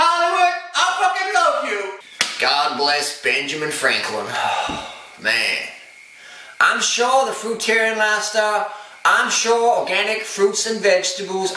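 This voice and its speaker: A man's voice: very high-pitched, bright, forceful tone, exaggerated voice. A man putting on a parody impression of a crude male Hollywood actor who rambles profanely about craving drugs. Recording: echoey room, far from the mic.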